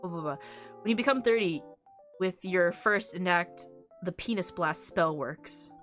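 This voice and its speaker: A woman's voice: lowish voice, a little slow, a bit bright, faint music behind. A woman streamer in a casual, rambling chat, often breaking into laughter.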